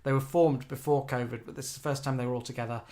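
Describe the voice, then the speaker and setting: A man's voice: medium pitch, steady tone, fast talker, darkish tone. A man, co-hosting a casual live show and telling chatty, self-mocking stories between viewer comments. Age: 40s. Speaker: co-host of a live online show.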